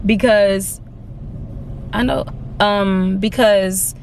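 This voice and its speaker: A woman's voice: medium pitch, takes it slowly, pauses often, slight background noise. A young woman in her twenties chatting casually for her vlog, filling her talk with "like" while she drives and later walks. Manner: chatty and animated, says "like" a lot. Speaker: lifestyle vlogger. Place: in her car, then out on a walk.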